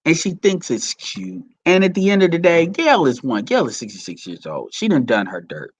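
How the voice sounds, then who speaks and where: A man's voice: fairly high pitch, huge pitch swings, fairly quick, slightly rough, no room sound. A man giving heated, profane, rambling commentary to his audience. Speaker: commentary vlogger.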